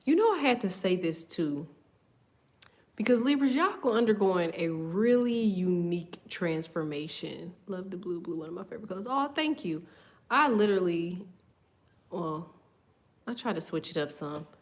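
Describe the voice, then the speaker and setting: A woman's voice: on the low side, animated, moderate pace. A woman giving a casual tarot reading. She swears freely, laughs often and drifts off on tangents. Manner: loose, profane, laughs often, goes off on tangents. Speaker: tarot reader.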